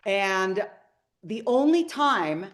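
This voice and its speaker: A woman's voice: mid-range voice, big pitch swings, very slow. Earnest inspirational woman speaker. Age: middle-aged. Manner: earnest, inspirational, storytelling with audience questions. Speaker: motivational speaker. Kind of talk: live masterclass talk to an audience.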